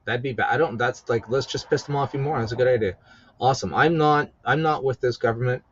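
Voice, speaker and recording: Male podcast host, mid pitch, profane rambling rant, slightly muffled lo-fi sound. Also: quick pace, a bit bright, slight background noise. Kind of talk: casual political rant. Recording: slightly dull lo-fi audio.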